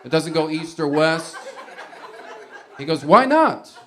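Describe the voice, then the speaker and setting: A man's voice: on the high side, flat delivery, unhurried. A man doing stand-up comedy, telling a rambling, conversational story.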